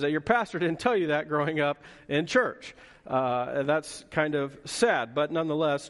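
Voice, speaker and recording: A man preaching an energetic, conversational sermon with touches of humor, as pastor of his church. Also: on the high side. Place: church auditorium. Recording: long reverb of a church hall.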